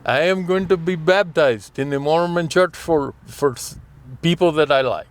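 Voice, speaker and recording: An earnest, soft-spoken male customer with an Indian accent, put on by a man telling a story. He speaks in formal, measured phrases, pitched noticeably above the teller's own voice and sounding a little distant. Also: slight background noise, natural voice.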